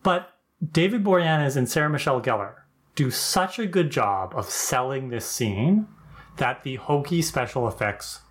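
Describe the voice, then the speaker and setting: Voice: medium pitch, expressive, normal speed. A podcast co-host giving wry, offhand commentary on a TV episode in casual chat.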